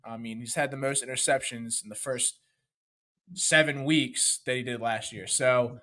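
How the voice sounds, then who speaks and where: A man co-hosting a sports podcast, talking in a hesitant, halting way with many fillers. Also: medium pitch, fairly even intonation, sharp tone. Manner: hesitant, lots of ums. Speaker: podcast co-host. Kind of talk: casual sports talk.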